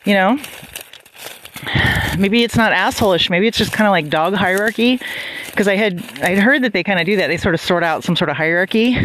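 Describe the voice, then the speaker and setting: A woman chatting casually and telling a funny story, laughing often and retelling scenes with animated voices. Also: medium pitch, slight background noise. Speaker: podcast host. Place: outdoors on a property.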